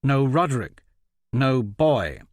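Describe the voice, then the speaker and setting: A man's voice: mid-range voice, sing-song, slow pace, no room sound, clean studio sound, voice pushed up. A man voicing a stern young warrior prince who gives impatient commands.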